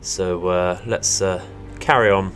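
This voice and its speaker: Low-voiced Englishman narrating gameplay. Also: fairly even intonation, slow pace, fairly bright tone, a little hiss or hum. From England. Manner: chatty, hesitant with many fillers, bursts of delighted laughter. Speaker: let's play host. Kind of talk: casual gameplay commentary.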